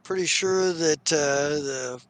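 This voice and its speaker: Captain worthy, guy doing a laid-back smuggler captain in a live tabletop game, kinda weary, matter-of-fact, higher voice, dry sound. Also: takes it slowly, no room sound. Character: calm smuggler captain, adult man.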